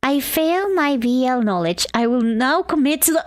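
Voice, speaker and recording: A woman's voice: high voice, very animated, a little slow, a little hiss or hum. A woman from Argentina streaming live while drawing, chatting in a bubbly way and greeting her chat.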